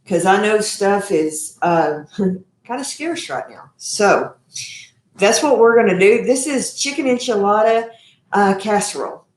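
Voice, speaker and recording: A woman hosts a live cooking stream from her kitchen at home. She talks in a chatty, effusive way and keeps calling her viewers y'all. Her voice sits at an ordinary middle pitch, and the room gives it an echo. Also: animated, a little slow. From Texas. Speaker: cooking show host.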